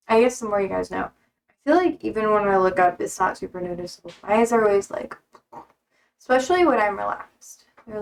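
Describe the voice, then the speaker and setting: A woman's voice: mid-range voice, gravelly, slight background noise, low-quality recording. A young adult woman streamer chatting casually on a live stream, rambling and full of fillers, often cutting herself off mid-thought. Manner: rambling, filler-heavy, self-interrupting.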